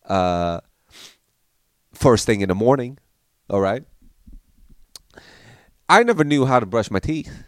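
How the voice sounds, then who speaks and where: A man telling childhood stories in a loose, animated way, slipping into the voices of his family. His pitch sits in the middle, and the recording is dry and close. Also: slow pace, long pauses, no room sound. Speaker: podcast storyteller. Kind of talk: casual storytelling.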